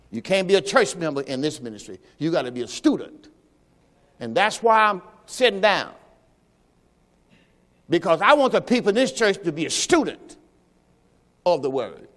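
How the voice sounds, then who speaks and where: A man with a high-pitched voice teaches a sermon, talking loosely and quizzing the congregation as he goes. His voice rings out with a long reverb in a church sanctuary. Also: fairly bright tone. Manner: conversational preaching, quizzing the congregation. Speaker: pastor.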